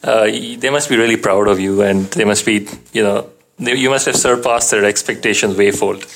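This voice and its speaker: A man interviewing a guest, eager and quick to laugh, asking loosely worded questions. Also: on the low side, fairly even intonation, vocal fry. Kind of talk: casual interview.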